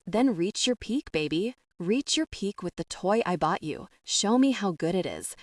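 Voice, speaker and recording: A woman voicing a commanding young man in an audiobook, speaking low and coaxing. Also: animated, moderate pace, dry recording, studio quality, far from the mic, lightly acted.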